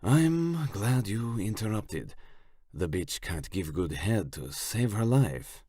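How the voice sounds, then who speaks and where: A man doing a slow, purring Italian mob boss. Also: on the low side, animated, warm tone, slightly rough, dry recording, pitched above the performer's own voice, exaggerated voice. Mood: amused. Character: smug Italian male crime boss, leering.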